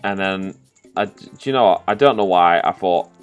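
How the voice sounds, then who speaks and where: A man giving casual, sweary commentary over a video game, bursting into loud, excited outbursts. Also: low-pitched, normal speed, smooth, muffled recording, faint music behind. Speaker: gaming commentator. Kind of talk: post-play game commentary.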